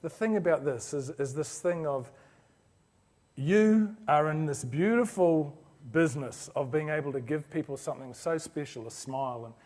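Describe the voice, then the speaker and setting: A man's voice: a little high, normal speed, darkish tone. A man giving a motivational business talk to a live audience, telling a story in an earnest, anecdotal way with frequent restarts. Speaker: business speaker presenting to an orthodontics audience.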